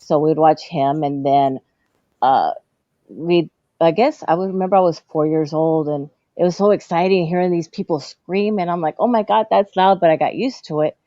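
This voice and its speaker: A woman guest on a talk show, telling stories in a casual way and acting out dialogue in a higher voice. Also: normal speed, warm tone, no echo, dull audio. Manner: acts out childhood dialogue in a higher voice, laughs often. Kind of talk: casual storytelling.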